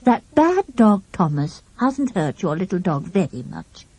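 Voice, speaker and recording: A woman's voice: fairly low pitch, sing-song, unhurried, a little mellow, husky, exaggerated voice. A woman voicing a plump, kindly middle-aged lady in an audiobook, with a flustered, motherly manner. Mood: soothing. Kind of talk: audiobook character voice.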